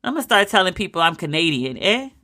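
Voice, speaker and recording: Bright-voiced, ranting woman podcast host. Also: on the low side, moderate pace. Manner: animated, sarcastic ranting with frequent profanity. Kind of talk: casual commentary podcast.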